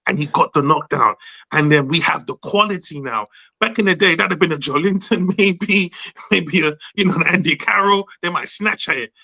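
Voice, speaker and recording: A man chatting excitedly as a guest on a fan podcast, gushing and laughing as he talks. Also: a little high, gravelly, lo-fi sound. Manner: animated, gushing, quick to laugh. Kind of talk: excited casual chat.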